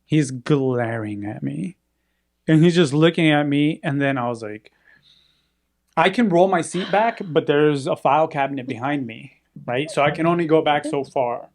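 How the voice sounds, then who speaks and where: A man's voice: on the high side, moderate pace. A man telling a story in casual chat, acting out the people in it. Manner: animated, acts out quoted voices.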